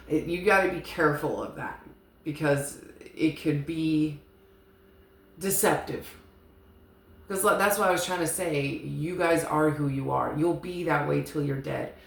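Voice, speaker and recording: In a frank, chatty tarot reading that wanders and includes some swearing, a woman speaks in a deep, creaky voice at a slightly slow pace. Faint hiss and room echo are audible.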